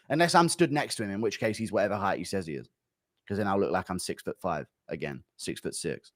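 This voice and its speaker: A man, reacting to chat on a livestream, giving blunt, dismissive, rapid-fire verdicts. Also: medium pitch, fairly bright tone, no echo, studio quality. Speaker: streamer.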